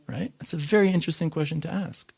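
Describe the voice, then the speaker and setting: A man teaching a scripture class in a temple, lecturing in an animated, conversational way with frequent fillers. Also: on the high side, quick pace, creaky, husky.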